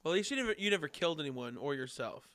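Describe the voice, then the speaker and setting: A man hosting a casual interview, reacting with quick exclamations and follow-up questions. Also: fairly high pitch, animated, fairly bright tone. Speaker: podcast host.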